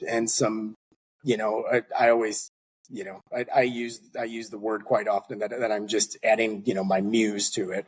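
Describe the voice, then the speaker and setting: A middle-aged man talks as a podcast guest with a husky, slightly rough voice and a middle pitch. He tells his stories animatedly and acts out each person's lines. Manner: animated, acts out dialogue in anecdotes. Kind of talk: conversational storytelling.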